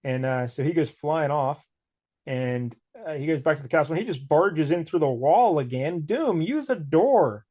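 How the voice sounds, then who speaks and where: A man with a slightly higher voice talks through an old comic's plot in a loose, casual way. He laughs often and drops into quick mock voices for the characters as he goes. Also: darkish tone. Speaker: podcast co-host. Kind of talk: casual comic book recap.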